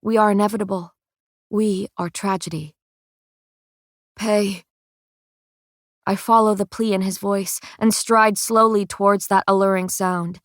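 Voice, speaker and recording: A woman narrating a first-person fantasy audiobook in a measured, expressive way, recorded on a close studio mic. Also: medium pitch, no echo.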